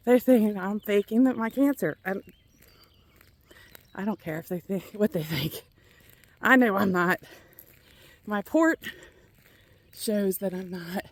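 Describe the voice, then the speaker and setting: A middle-aged woman with a Kentucky accent, out of breath as she chats casually with viewers while walking laps outdoors. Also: mid-range voice. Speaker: vlogger. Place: outdoors, walking around a neighborhood.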